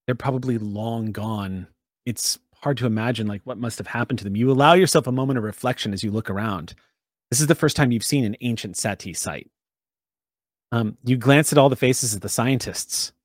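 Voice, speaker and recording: A man's voice: medium pitch, fairly quick, no echo. Game master, a man, conversational storytelling, dry close sound. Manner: descriptive, conversational narration with fillers. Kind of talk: narrating a tabletop game.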